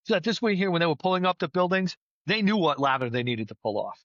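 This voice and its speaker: A middle-aged man, a battalion chief, telling firefighting stories in a casual podcast chat, plainspoken and lively. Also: high-pitched, quick pace, no echo, muffled recording. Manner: storytelling, animated, plainspoken with mild swearing.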